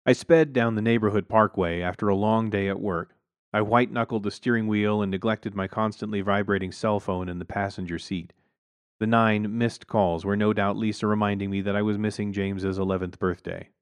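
A man's voice: lowish voice, fairly even intonation, a little fast, clean tone, no echo. A man narrating a first-person story with wry, dry humor.

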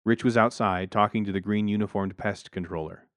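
A man's voice: on the low side, steady tone, a little fast, dry recording. A man narrating a first-person story in a dry, wry way on a close mic.

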